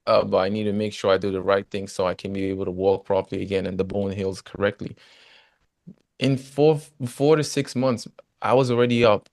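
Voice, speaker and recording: A man, a former footballer, telling his story as a guest in a casual interview, animated and often saying "you know". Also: lowish voice, a little fast, gravelly, no echo, clean studio sound.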